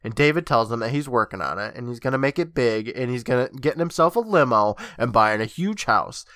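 A man's voice: mid-range voice, expressive, brisk, a bit bright, no echo, studio quality. A young man co-hosting a podcast, recapping an episode in casual chat with a wry, mocking tone and frequent laughter. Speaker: podcast co-host.

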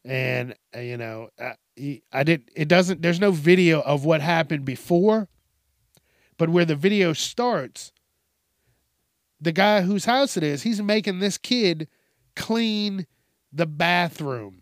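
A man's voice: a little high, expressive, slow, no room sound, clean studio sound. A man hosting a casual news commentary show, swearing often, laughing and acting out quotes in exaggerated voices. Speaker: host.

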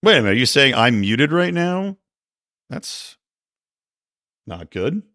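A middle-aged man hosts his own podcast with a loose, profane, sarcastic rant. His pitch leaps around as he tells stories. The sound is dry and close, with no room echo. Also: a little slow. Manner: profane, sarcastic, animated storytelling with sudden yelling. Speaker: podcast host. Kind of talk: casual ranting monologue.

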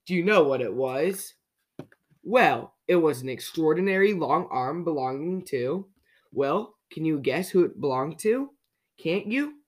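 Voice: mid-range voice, lively intonation, unhurried. A storyteller reading a children's picture book aloud, playfully asking young listeners questions along the way.

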